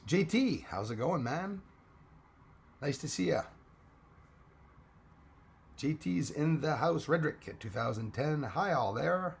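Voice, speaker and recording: A man hosting a casual live stream chat, hoarse and losing his voice, greeting viewers by name. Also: a little high, animated, slow pace, pauses often.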